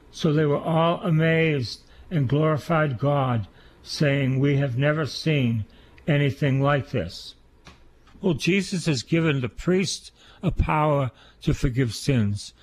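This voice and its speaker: Slow, husky priest preaching. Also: male voice, fairly high pitch. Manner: earnest, repeats key phrases for emphasis. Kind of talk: sermon commentary on scripture.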